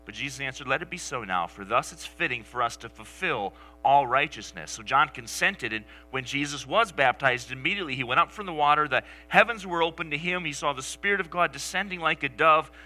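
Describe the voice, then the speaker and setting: A male pastor preaching a sermon, telling the story with animation and dropping to soft, near-whispered lines for emphasis. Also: on the high side, rough recording.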